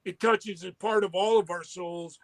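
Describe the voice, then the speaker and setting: A man's voice: sits high, fairly even intonation, normal speed, poor audio. A man talking earnestly and at length as a podcast guest, often circling back on his words. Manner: rambling, earnest, many restarts. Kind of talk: casual talk.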